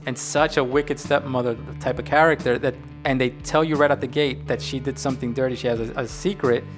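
A man in a casual conversation about a film, animated and acting out lines now and then. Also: medium pitch, fairly quick, music in the background. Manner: animated, acts out characters' lines. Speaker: co-host discussing a film. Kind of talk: casual chat.

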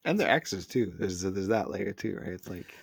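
A man co-hosting a podcast in casual film talk, relaxed and retelling scenes by quoting characters. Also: deep voice, moderate pace, gravelly, husky, no room sound, clean studio sound. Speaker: podcast co-host.

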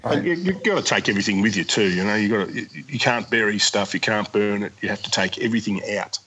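A man, a traveller and guest, telling road-trip stories in animated casual chat with exasperated asides. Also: on the low side, fast, a crowd in the background, poor audio.

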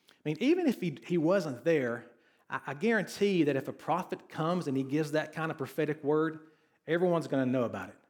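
A male pastor preaching a conversational sermon who reads scripture and keeps asking his congregation questions. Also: fairly high pitch. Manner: conversational, asks the congregation questions, sarcastic asides.

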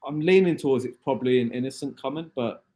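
A man on a podcast, talking casually and stumbling over restarts as he works through his point. His voice sits in a middle pitch. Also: fast, warm tone. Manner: hesitant, restarts often, thinking aloud. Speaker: podcast co-host.

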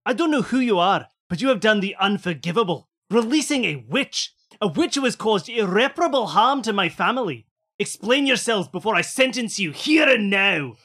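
A player voicing Sean McBride, a stern grieving villager who accuses the strangers. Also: male voice, high voice, very animated, normal speed, sharp tone. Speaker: tabletop game player. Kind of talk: improvised character play.

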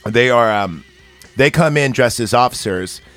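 A man's voice: medium pitch, expressive, normal speed, a bit bright, faint music behind. Rambling, profane male podcast co-host. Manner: rambling, profane, lots of fillers. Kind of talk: casual movie recap chat.

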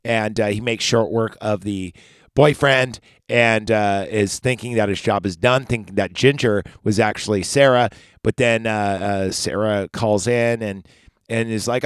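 Low-voiced profane podcast guy. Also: fairly even intonation, unhurried, smooth, no room sound, studio quality. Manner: rambling, profane, sarcastic. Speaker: podcast host. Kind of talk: casual movie recap.

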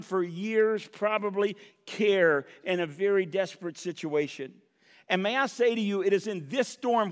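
A middle-aged male pastor preaching a sermon in a church, building to impassioned cries with wry humorous asides. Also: high-pitched. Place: church sanctuary. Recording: long hall reverb.

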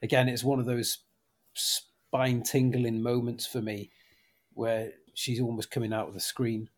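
A man's voice: medium pitch, flat delivery, unhurried. A man on a film-panel podcast, speaking earnestly and choosing his words with care. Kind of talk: casual film-panel chat.

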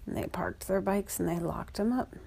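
A woman's voice: medium pitch, moderate pace, vocal fry, mellow, breathy edge. A woman making up a children's story as she goes, rambling along with fillers and restarts. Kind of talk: improvised children's story narration.

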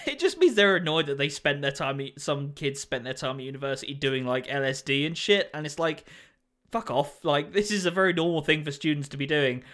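Lively, higher-voiced man, sarcastic. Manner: sarcastic, sweary quips. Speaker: podcast co-host. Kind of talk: casual political chat.

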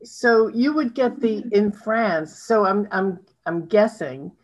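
A woman's voice: mid-range voice, takes it slowly, low-quality recording. A woman interviewing a guest, probing with follow-up questions.

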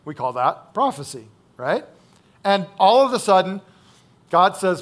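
Male pastor, high voice, conversational sermon delivery, repeats lines for emphasis. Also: sing-song, a little slow, a bit bright. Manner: conversational, checks in with "right?" and "okay?"; repeats key phrases for emphasis.

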